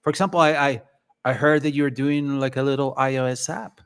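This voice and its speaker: A man's voice: mid-range voice, steady tone, a little fast, clean tone. A man hosting a livestream in a chatty, rambling, playful way. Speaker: livestream host. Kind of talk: casual live chat.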